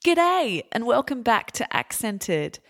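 A woman with an Australian accent hosting a podcast, upbeat and explaining slang slowly and clearly. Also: on the low side, animated, soft background music. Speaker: podcast host. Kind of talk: scripted podcast intro and interview.

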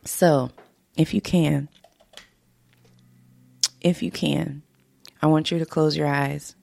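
A woman hosting a casual motivational podcast talks slowly in a low, steady, slightly mellow voice with vocal fry. She's heartfelt and a little emotional, laughing frequently, and her home-studio podcast mic picks up no room sound.

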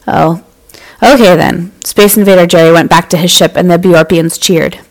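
A woman narrates a bedtime-style children's story as host of her podcast. She speaks to young listeners in a lively, friendly manner. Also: fairly low pitch, a little fast, poor audio.

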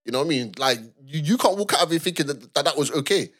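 A young man chats on a podcast. He tells the story in an animated way, acts out what people said, and repeats his words as he goes. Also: a little high, fast. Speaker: podcast co-host. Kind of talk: casual chat.

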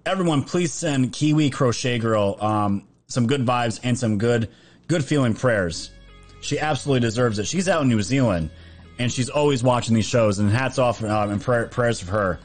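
A man hosting a livestream, casually chatting and thanking viewers for donations with upbeat energy. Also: soft background music. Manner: upbeat, thanks viewers quickly, lively pitch jumps. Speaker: livestream host.

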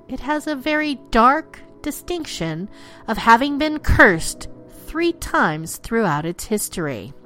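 Playful woman host spinning dark legends. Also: a little high. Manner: playful, theatrical, slips into pirate talk. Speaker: podcast host. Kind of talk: storytelling narration of dark legends.

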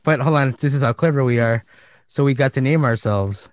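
A man chatting casually as a podcast co-host, telling a story in an animated way and laughing often. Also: mid-range voice, a little fast, a little hiss or hum. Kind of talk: casual chat.

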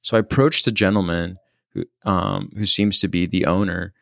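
A man with a very low voice full of gravelly fry talks through a personal story. He is thoughtful and hesitant, often pausing and restarting. The recording is dry and close. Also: steady tone, a bit bright, no room sound. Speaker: storyteller recounting a personal experience.

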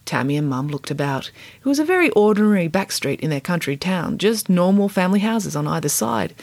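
Expressive, lively-voiced woman storyteller. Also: fairly low pitch, fairly quick, gravelly, no echo. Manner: gently humorous, expressive storytelling. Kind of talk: scripted story narration.

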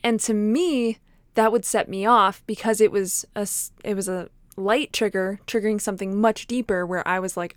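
A woman's voice: medium pitch, a little fast, dry recording, studio quality. A woman talking casually and frankly to camera, filling her speech with fillers and restarts. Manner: chatty, many fillers and restarts; frank, personal, laughs at herself.

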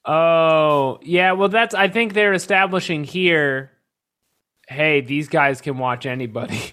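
A man co-hosting a casual comedy podcast, delivering jokes in a slow, deliberate way. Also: clear, resonant tone. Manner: slow, deliberate joking delivery with lively pitch. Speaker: podcast co-host.

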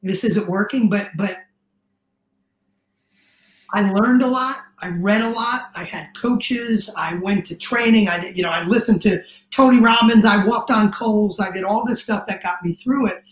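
A middle-aged man, a guest business coach, telling his story in casual interview chat, earnest and emotional, with quick restarts. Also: sits high. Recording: roomy echo.

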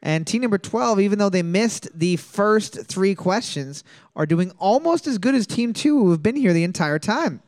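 High-voiced male trivia host. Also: animated, normal speed, darkish tone, no room sound, clean studio sound. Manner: repeats each question twice, laughs easily. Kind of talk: reading trivia questions, casual banter.

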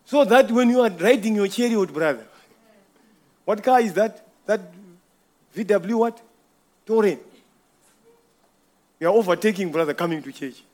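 A middle-aged man preaching a sermon, telling a personal story with repeated words, swinging from loud bursts to hushed asides. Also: sits high, animated, moderate pace, pauses often.

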